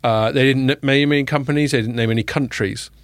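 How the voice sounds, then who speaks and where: A man hosting a casual tech podcast, joking with quick asides and plenty of fillers. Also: mid-range voice, fairly even intonation, no echo, studio quality. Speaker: podcast host.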